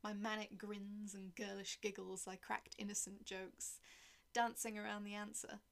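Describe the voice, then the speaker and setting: A woman reading a dark first-person story aloud in a cold, detached way, often dropping to a whisper. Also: mid-range voice, little pitch movement, normal speed, creaky. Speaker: narrator.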